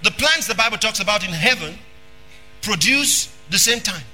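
A man preaching a sermon. He is emphatic, repeats phrases, and breaks into shouting. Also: sits high, animated, normal speed, faint music behind.

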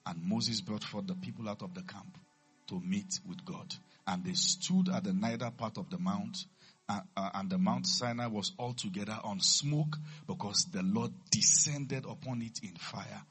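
A man preaching a sermon, reading scripture low and measured, then building to loud, high-pitched shouts. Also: husky, soft background music.

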